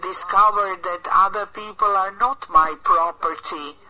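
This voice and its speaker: A male preacher with a high, very bright and sharp voice gives an earnest sermon. He speaks slowly and deliberately. His exhortations come with small hesitations between phrases. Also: fairly even intonation, poor audio.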